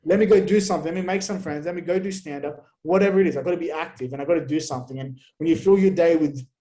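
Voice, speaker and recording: A man's voice: on the high side, poor audio. A man, a podcast guest, talking bluntly in a casual interview and swearing often. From Australia. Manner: blunt, heavy swearing, animated rants.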